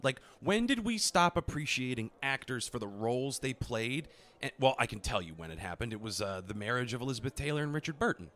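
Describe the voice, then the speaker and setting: A man's voice: medium pitch, very animated, a little fast, a bit bright. A man co-hosting a comedy podcast, telling anecdotes in casual chat with a dry sense of humor. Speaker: podcast co-host.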